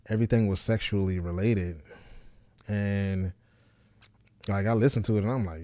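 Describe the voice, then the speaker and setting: Monotone deep-voiced man, dry close sound. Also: moderate pace, pauses often, dry recording. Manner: loose, repeats himself with fillers like "you know what I'm saying". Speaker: stand-up comedian. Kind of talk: casual talk to camera.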